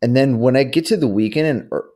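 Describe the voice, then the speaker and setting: A man co-hosting a podcast who talks in a loose, rambling way. He fills his speech with "like" and "you know" and throws in quick asides. His pitch is in the ordinary middle range. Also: mellow. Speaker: podcast co-host. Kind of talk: casual chat.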